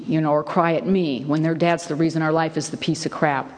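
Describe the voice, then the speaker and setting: A woman's voice: deep voice, fairly even intonation, a little fast, darkish tone. A middle-aged woman telling her own story at a recovery meeting, candid and wry, with lots of fillers and emphatic repeats. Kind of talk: personal testimony talk. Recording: long hall reverb.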